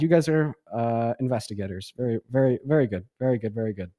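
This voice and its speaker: Young male stream host, quick sarcastic rambler, dry close sound. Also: medium pitch, animated, dark tone, dry recording, dull audio. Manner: rambling, filler-heavy, sarcastic. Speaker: livestream debate host. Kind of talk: casual livestream chat.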